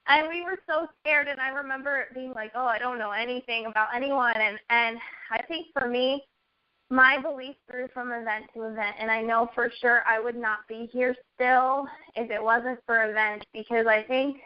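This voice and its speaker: A woman's voice: fairly high pitch, fairly even intonation, normal speed. A young adult woman in a casual chat, earnestly telling a personal story and quoting herself along the way. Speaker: network marketing guest. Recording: dull lo-fi audio.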